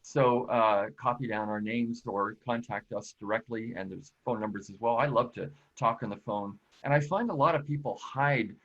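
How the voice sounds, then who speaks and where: A man's voice: medium pitch, normal speed, few pauses, a bit bright. Brief: male webinar presenter, friendly and casual, mid voice, slightly muffled audio. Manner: casual, friendly, with frequent fillers. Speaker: productivity expert and presenter.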